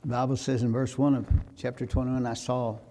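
A pastor, preaching a sermon that rises to loud, fervent exhortation. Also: male voice, medium pitch, level tone, a little fast.

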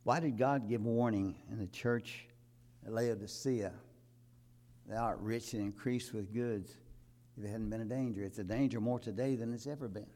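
An older man preaching a sermon to his congregation, building from calm talk to loud emphatic peaks and quoting scripture. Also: fairly low pitch, normal speed. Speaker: pastor.

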